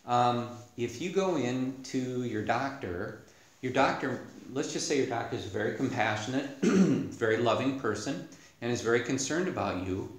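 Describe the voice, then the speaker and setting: A man giving a Buddhist dharma talk as a meditation teacher, unhurried and explanatory, with many "you know"s. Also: medium pitch, lively intonation. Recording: echoey room.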